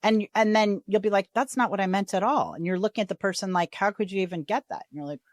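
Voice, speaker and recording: A woman hosting a podcast in casual, chatty conversation, animated and quick to act out quoted voices. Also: mid-range voice, no echo, clean studio sound. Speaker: podcast host. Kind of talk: casual chat.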